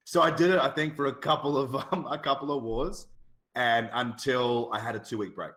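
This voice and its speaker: A man's voice: mid-range voice, steady tone, normal speed, sharp tone, echoey room. An Australian man telling stories in casual podcast chat, swearing freely and laughing often. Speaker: podcast guest, guild shot caller.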